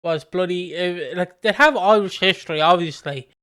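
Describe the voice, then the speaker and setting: A man co-hosting a podcast in loose, casual chat that keeps drifting into tangents. His voice is bright and crisp, set a little high. He laughs easily as he talks. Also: moderate pace. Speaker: podcast co-host.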